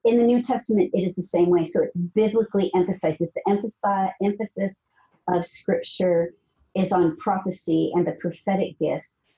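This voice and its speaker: A woman author speaks as a podcast guest, earnest and emphatic. Her voice is mellow and warm, and she repeats phrases as she builds a point. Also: medium pitch, steady tone, normal speed, rough recording. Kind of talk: conversational storytelling.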